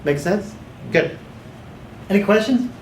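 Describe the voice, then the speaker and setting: A man teaching a small class of hypnotherapy students, sometimes slipping into a slow, authoritative guided-imagery voice. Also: high voice, expressive, a little hiss or hum. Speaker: hypnotherapy trainer. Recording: echoey room.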